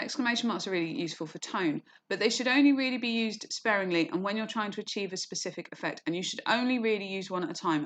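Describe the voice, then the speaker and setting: A woman teaching an online lesson, explaining clearly with frequent "okay" and "you know", and briefly acting out quoted lines. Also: mid-range voice, a bit bright. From England. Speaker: English teacher.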